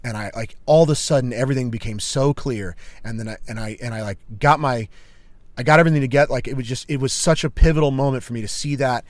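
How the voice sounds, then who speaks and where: A man's voice: medium pitch, fast talker, dry recording. A man co-hosting a podcast, telling a personal story in casual chat, emphatic and peppered with "like" and "dude". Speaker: podcast co-host.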